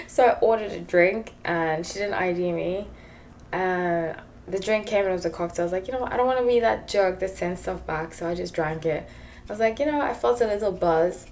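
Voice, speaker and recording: A chatty woman with a South African English accent gives a tarot reading in a loose, rambling way and laughs often. Her pitch sits in an ordinary middle range. Faint noise hums behind her. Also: darkish tone. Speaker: tarot reader. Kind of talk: casual tarot reading monologue.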